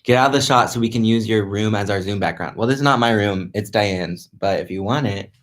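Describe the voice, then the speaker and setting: A man's voice: on the low side, fairly quick. A young man chatting loosely through a live stream from a friend's house, filling his talk with "like" and stopping to restart his sentences. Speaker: livestreaming vlogger. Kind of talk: casual live-stream chat reading comments.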